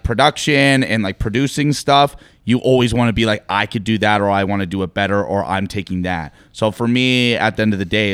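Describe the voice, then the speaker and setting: A man's voice: on the low side, clean tone, no echo. A man in his thirties, a podcast guest, talking casually and rambling with lots of filler words. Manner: relaxed, rambling with many fillers. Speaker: podcast guest, event producer. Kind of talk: casual conversation.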